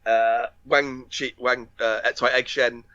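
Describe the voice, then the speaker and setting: Bright, tense-voiced man rambling through a film recap. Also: medium pitch, little pitch movement, a little slow, no room sound, dull audio. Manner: rambling retelling with many fillers and restarts, laughing often. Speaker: podcast co-host. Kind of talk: casual film recap chat.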